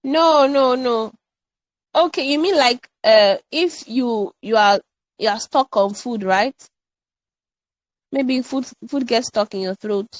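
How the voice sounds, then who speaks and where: Animated woman coaching grammar. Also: fairly high pitch, unhurried, no echo, low-quality recording. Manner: animated, playful, repeats example sentences. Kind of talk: live online grammar workshop.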